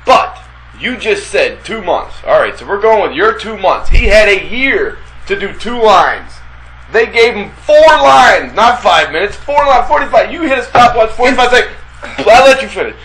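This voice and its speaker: A man's voice: high-pitched, very animated, moderate pace, fairly bright tone, low-quality recording. A man co-hosting a casual wrestling talk show, blunt and argumentative, swearing freely. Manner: blunt, profane, argumentative, mimics people. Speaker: radio show co-host.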